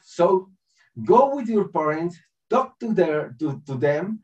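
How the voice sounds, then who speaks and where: A man in his forties talks in broken English and acts out little scenes with great animation, laughing along the way. His pace is unhurried. The recording is dull and he sits well back from the mic. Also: on the high side, very animated, far from the mic. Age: 40s. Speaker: speaker at a spiritual festival. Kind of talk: personal spiritual talk with acted-out scenes.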